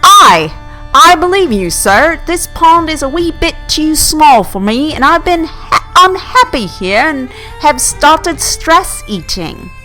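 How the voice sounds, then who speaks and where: A woman's voice: sits high, big pitch swings, slow pace, bright, forceful tone, faint music behind, pitched above the performer's own voice, heavily acted, low-quality recording. A woman voicing a young female lake monster with a Scottish accent, speaking apologetically. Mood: apologetic.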